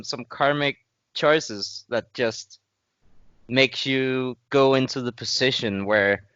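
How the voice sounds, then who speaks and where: Danish podcast host, smooth resonant voice, dry muffled sound, lectures through his reasoning. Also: fairly low pitch, a bit bright, no room sound. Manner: lecturing, builds arguments step by step. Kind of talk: casual conversation. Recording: muffled dull audio.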